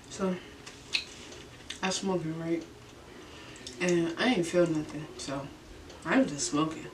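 A woman's voice: lowish voice, steady tone, slow pace, long pauses, far from the mic. A young woman chats through a story in her bedroom, loose, slangy and profane, laughing often. The mic sits a little away from her, so her voice carries some room echo. A faint hiss runs underneath. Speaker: vlogger. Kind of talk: casual storytelling during a mukbang.

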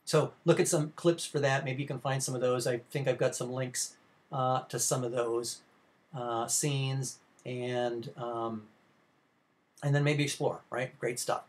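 A man's voice: medium pitch, steady tone, unhurried. Rambling male film lecturer. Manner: rambling and informal, many uh fillers and restarts. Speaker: film class instructor. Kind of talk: recorded slide lecture.

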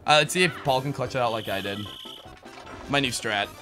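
A man hosting a casual gaming session with friends, excitable and quick to laugh and shout. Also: medium pitch. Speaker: host. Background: game music.

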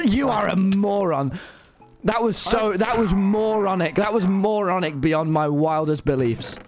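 A man's voice: high voice, unhurried, music in the background. A young man streaming a game, swearing, laughing and joking. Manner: swearing, laughing, clowning in a put-on gruff local accent. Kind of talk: casual gaming chat.

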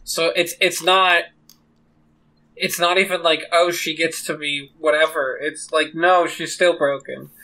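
A podcast co-host recaps a TV episode in a casual chat. The voice sounds bright and mid-pitched. The delivery rambles, with expressive retellings of the scenes. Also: a little slow, slight background noise, poor audio.

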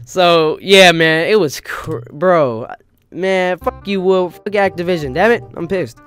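A young man, a gaming YouTuber, telling a profane, animated storytime rant and peppering it with "bro" and "you know what I mean". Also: on the high side, takes it slowly, smooth, faint music behind.

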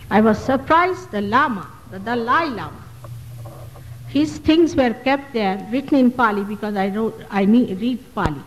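A woman's voice: high voice, big-room sound, rough recording. A woman, a spiritual teacher answering audience questions at a public talk, emphatic and full of rhetorical questions. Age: 60s. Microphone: loudspeaker microphone.

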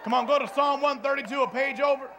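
A man preaching a sermon as pastor, shouting and laughing through repeated refrains before a congregation. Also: very high voice, fairly even intonation, fast talker, dull audio. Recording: live church recording with crowd and noise.

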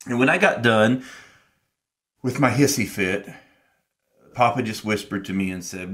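A man's voice: on the low side, moderate pace, pauses often, fairly bright tone. A middle-aged man co-hosting a podcast, telling a personal story in an earnest, reflective way and acting out his past conversations. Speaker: podcast co-host.

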